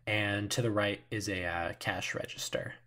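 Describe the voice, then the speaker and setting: A man narrating as game master, relaxed and halting, with many pauses and fillers. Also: on the low side.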